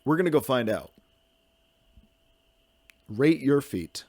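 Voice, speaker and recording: A man's voice: medium pitch, sing-song, slow pace, a little mellow, no room sound. A young man hosting a solo podcast, rambling in a goofy, self-mocking way and jumping from topic to topic. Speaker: podcast host.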